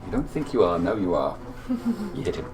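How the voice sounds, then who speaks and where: A man's voice: sits low, sing-song, heavy background noise. A man acting as dungeon master, narrating combat and calling rolls in a tabletop game session. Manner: narrates combat briskly between rules calls. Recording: distant mic with music behind.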